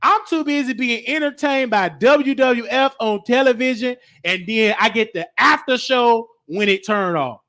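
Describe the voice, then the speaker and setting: A man hosting his show, telling a comedic childhood story in an excitable, animated way. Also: very high-pitched, normal speed, few pauses. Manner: animated, excitable, talks back to the listener.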